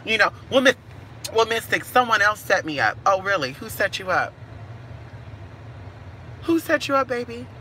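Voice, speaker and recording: Brash woman reader, bright voice, street-smart and profane, with faint noise behind. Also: medium pitch, very animated, moderate pace, pauses often. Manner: sassy, profane, calls listeners honey and girl. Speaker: spiritual reader. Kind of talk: casual live-stream chat with viewers.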